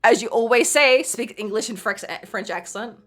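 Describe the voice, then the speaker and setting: A woman's voice: fairly high pitch, moderate pace, a bit bright. A woman streaming a game, chatting playfully, laughing often and reading in-game letters aloud. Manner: playful, giggly, reads letters aloud with joking asides. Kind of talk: casual game let's play.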